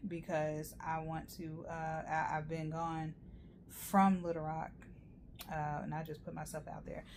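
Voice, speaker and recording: A woman's voice: sits low, a little mellow, a little hiss or hum. A woman giving a rambling, chatty tarot reading, full of fillers and asides. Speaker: tarot reader. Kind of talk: casual tarot reading monologue.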